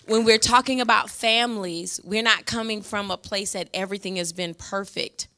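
Middle-aged woman pastor preaching, bright ringing voice, gets big and emphatic in church. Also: normal speed. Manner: passionate, emphatic preaching that swells in pitch and volume. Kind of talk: sermon.

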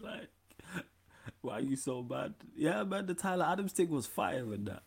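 A man's voice: a little high, expressive, normal speed, creaky, breathy edge. A young man hosting a casual football podcast, slangy and laid-back as he runs through the schedule. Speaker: podcast host.

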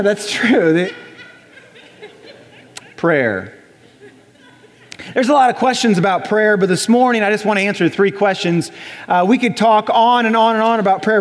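A young adult man preaching a sermon in a church, conversational and animated, often acting out voices. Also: sits high. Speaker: pastor. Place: church sanctuary. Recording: church hall reverb.

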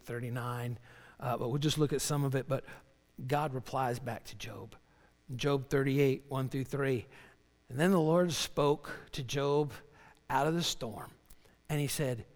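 A man preaching a sermon in an earnest way, often repeating words as he starts a line. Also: mid-range voice. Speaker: pastor. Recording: long reverb of a large hall.

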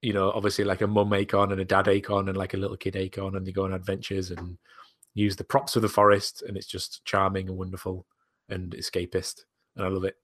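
A man's voice: low-pitched, monotone, quick pace, a bit bright. A man co-hosting a casual podcast chat, enthusiastic and swearing freely. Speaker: podcast co-host.

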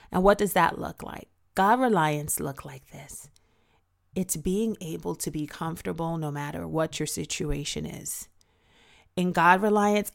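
A woman giving an earnest, reflective personal testimony, speaking slowly and deliberately. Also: deep voice, vocal fry. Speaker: speaker sharing her story.

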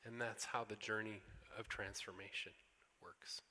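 Guy preaching earnestly, bright ringy voice, long hall echo. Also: lowish voice, fairly even intonation. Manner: earnest, emphatic, with repeated slowed phrases. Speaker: pastor. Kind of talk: sermon. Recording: echoey hall.

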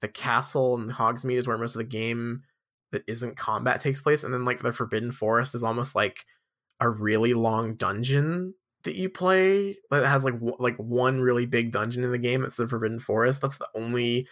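A man's voice: medium pitch, steady tone, normal speed, fairly bright tone. A man co-hosting a podcast in casual chat, rambling and jokey with lots of fillers. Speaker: podcast co-host.

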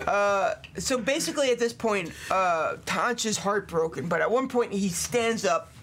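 A man's voice: high voice, a bit bright, slight background noise. A man hosting a casual podcast, retelling a true crime story with lots of fillers and laughs. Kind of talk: casual chat.

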